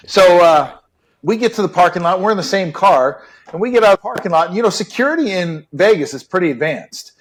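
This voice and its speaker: Middle-aged ex-detective guest, slightly high voice, relaxed and chatty. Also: male voice, fairly quick. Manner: relaxed, chatty, many "right?" and "you know". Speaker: retired police detective guest. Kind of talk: casual storytelling interview.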